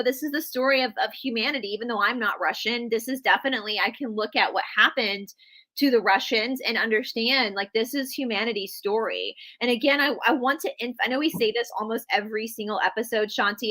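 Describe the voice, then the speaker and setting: A woman's voice: on the high side, pushed and bright. A woman with a Southern US accent, a guest historian giving her opinions in a chatty, casual livestream conversation. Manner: opinionated, chatty, restarts often.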